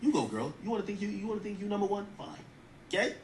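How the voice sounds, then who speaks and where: A man's voice: high-pitched, very animated, rapid-fire, roomy sound, recorded from a distance, slight background noise. A man giving blunt, profane, mocking commentary in a rant. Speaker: streamer commentator. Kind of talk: ranting commentary.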